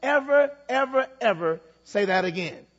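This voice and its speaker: A man's voice: very high-pitched, expressive, normal speed, fairly bright tone, heavily acted. A man voicing an earnest pet shop manager who pleads and repeats his promises, in a dull-sounding recording with a long hall echo. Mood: pleading.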